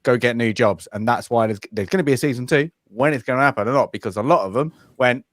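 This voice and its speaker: A blunt man chatting on an online panel, laying things out in a matter-of-fact way. His voice is mid-pitched and dry, close to the mic. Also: fast talker, no room sound. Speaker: panel guest. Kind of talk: casual panel chat.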